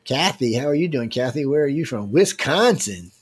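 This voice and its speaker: A man's voice: mid-range voice, animated, moderate pace, husky. Joking, teasing male livestream host. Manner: joking, teasing, loose with slang. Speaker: livestream host running a giveaway. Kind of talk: casual live chat reading viewer emails.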